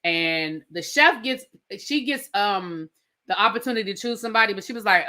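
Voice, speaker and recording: A woman reviewing a reality show in a casual, animated and sassy recap, talking straight to her viewers. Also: medium pitch, moderate pace. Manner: animated, sassy, emphatic, addresses viewers directly.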